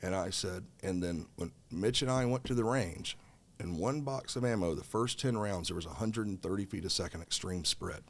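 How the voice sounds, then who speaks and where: A middle-aged man with a low voice, speaking at a normal speed, tells a story as a podcast guest. The casual storytelling is animated and heated, and he swears freely throughout.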